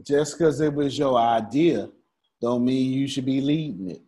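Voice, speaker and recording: A man's voice: mid-range voice, a little slow, mellow. Man teaching a small live group. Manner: repeats himself, calls on listeners by name. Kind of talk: lively live group lesson. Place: room with a small live audience.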